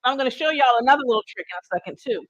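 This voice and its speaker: A woman's voice: on the high side, expressive, racing, fairly bright tone, no echo, lo-fi sound. A woman hosting a live cooking stream, chatty and folksy, talking straight to her viewers with teasing asides. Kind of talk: casual live cooking demonstration.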